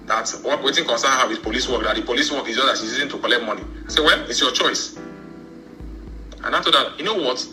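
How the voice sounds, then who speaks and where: Bright-voiced Nigerian man telling a story. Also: mid-range voice, poor audio. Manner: rambling, with many repeated words. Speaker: church member telling his story. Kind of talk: personal storytelling.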